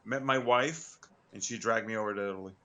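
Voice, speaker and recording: A man's voice: on the low side, fairly quick, sharp tone. A man chatting casually as a guest on a live stream, stumbling and repeating words. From Long Island, New York. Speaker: guest caller.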